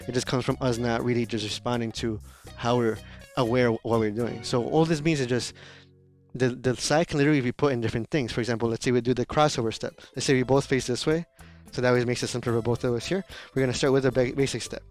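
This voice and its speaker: A man's voice: medium pitch, quick pace, faint music behind. A man teaching a beginner dance class, counting beats aloud and explaining steps casually with frequent fillers. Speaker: dance instructor. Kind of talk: live-streamed dance lesson, counting steps.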